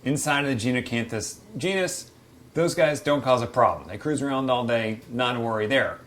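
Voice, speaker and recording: A man hosting a casual aquarium Q&A from beside his reef tank, chatty and quick to act out little quoted voices. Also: medium pitch, a bit bright. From United States. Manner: chatty, acts out quotes of fish and hobbyists. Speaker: aquarium hobby show host. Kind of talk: casual Q&A explainer.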